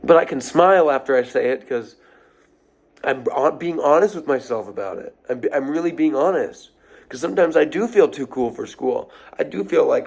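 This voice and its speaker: A man's voice: mid-range voice, lively intonation, normal speed. A man giving an off-the-cuff motivational rant to his followers, blunt and profane, hammering phrases over and over. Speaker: social media creator.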